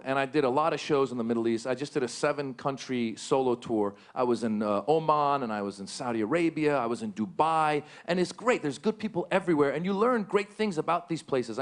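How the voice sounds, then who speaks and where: A middle-aged man doing a stand-up comedy set on stage, animated and lively, leaping into high, loud voices for his punchlines. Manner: animated, jumps into shouted high-pitched bits for jokes. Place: large theater stage with a live audience.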